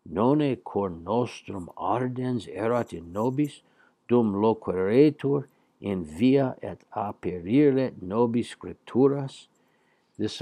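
Slow gravelly male Latin teacher. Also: lowish voice, warm tone, dry recording. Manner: slow, patient explaining with fillers. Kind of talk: classroom lecture, reading and translating Latin.

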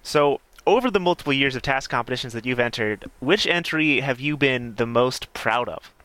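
Bright, crisp man hosting a podcast. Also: medium pitch, expressive, moderate pace, no room sound. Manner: encouraging, short affirming interjections. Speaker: podcast host. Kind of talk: casual podcast interview.

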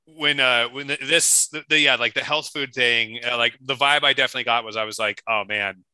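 A man co-hosting a casual podcast chat, rambling through stories with many restarts and animated quotes. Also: mid-range voice, smooth, no room sound, rough recording. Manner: rambling storyteller, restarts, quick animated quoting. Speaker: podcast co-host.

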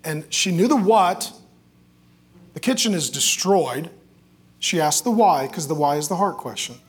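Husky, high-voiced joking preacher man. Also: expressive, a little slow. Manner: joking, self-deprecating storyteller. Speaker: pastor. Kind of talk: conversational preaching with anecdotes.

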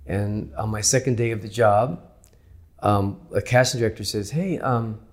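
A man casually recalling his early days in the film business, with frequent pauses and ums. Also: lowish voice, steady tone. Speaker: film industry worker recalling his start. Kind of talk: casual recollection.

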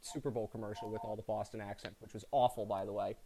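A man's voice: lowish voice, little pitch movement, fast talker, mellow. A male podcast host who talks in a casual, easygoing way. His humor is dry and teasing, and he often needles his guest about sports and local pride. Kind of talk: casual interview chat.

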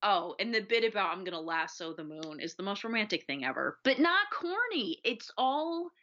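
A woman's voice: mid-range voice, big pitch swings, moderate pace, sharp tone. A woman co-hosting a casual film podcast, enthusiastic and acting out scenes as she talks. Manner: enthusiastic, acts out movie lines. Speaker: podcast co-host. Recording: dull lo-fi audio.

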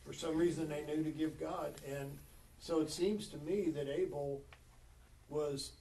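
Slow, halting man in a study group. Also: a little high, fairly even intonation, creaky, dark tone, recorded from a distance, a little hiss or hum, poor audio. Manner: halting, thinking aloud with many ums. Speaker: Bible study participant. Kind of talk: group Bible study discussion.

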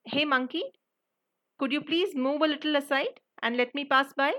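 A woman's voice: high-pitched, normal speed, voice pushed up. A woman voicing a mighty, hot-tempered young male warrior who speaks sternly in a storybook tale. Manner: stern, shouting when angry.

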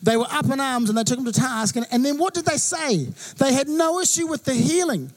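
Man, pastor, sermon, high pitched, animated storyteller, acts out quotes. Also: fairly quick. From New Zealand.

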